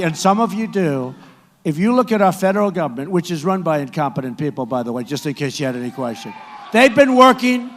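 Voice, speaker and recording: A man with a high-pitched voice gives a boastful campaign rally speech in a large indoor arena, repeating himself and often rising to a shout. His words ring out through a PA with a long echo. It sounds like a podium microphone in a big room. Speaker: political candidate addressing supporters.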